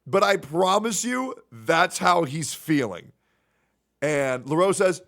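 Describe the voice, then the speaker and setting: Gravelly man telling a personal story. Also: a little high, animated, measured pace, fairly bright tone. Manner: rambling anecdote, acting out quoted dialogue. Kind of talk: storytelling on a livestream.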